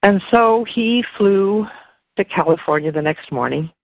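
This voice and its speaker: A woman speaking as an interview guest, emotional and halting, often repeating words. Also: mid-range voice, lively intonation, no echo. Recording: dull lo-fi dry sound.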